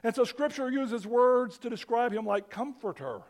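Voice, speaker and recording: A man preaching a sermon as pastor, animated and conversational, often restarting his phrases. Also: very high voice, normal speed.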